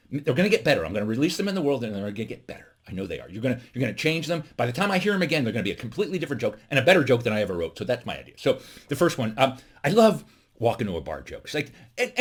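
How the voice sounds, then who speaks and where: A man's voice: medium pitch, husky. A man hosting a comedy-from-home segment, telling nerdy jokes to camera and laughing at his own punchlines. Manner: animated, laughs at own jokes, many fillers. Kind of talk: casual joke telling to camera.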